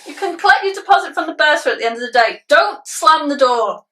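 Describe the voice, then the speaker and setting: A woman's voice: high-pitched, animated, a little fast, bright, forceful tone. A woman with a British accent playing a stern, sarcastic male teacher who talks in dry, clipped reprimands. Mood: scolding. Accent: British English. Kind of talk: scene acting.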